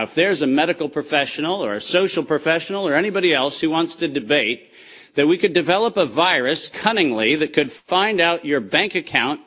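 A man giving an impassioned, accusatory speech with slides, speaking emphatically with deliberate pauses. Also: on the high side, fairly bright tone.

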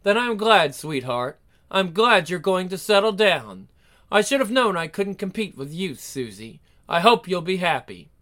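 A man voicing a protective older aunt, speaking low, soft and earnest. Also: big pitch swings, a little slow, heavily acted. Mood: tender.

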